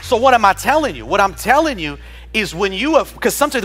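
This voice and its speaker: Bright-voiced man preaching with animated humor. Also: high-pitched, fast talker, soft background music. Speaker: pastor. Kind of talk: sermon. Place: church with several campuses, also streamed online.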